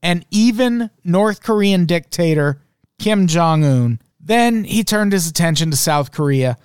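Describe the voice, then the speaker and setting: A man's voice: sits high, animated, unhurried, clean tone, dry recording, clean studio sound. A man hosting a podcast, riffing sarcastically on the news with plenty of swearing and laughter. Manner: profane, sarcastic, laughing often. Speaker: podcast host. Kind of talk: casual comedic news chat.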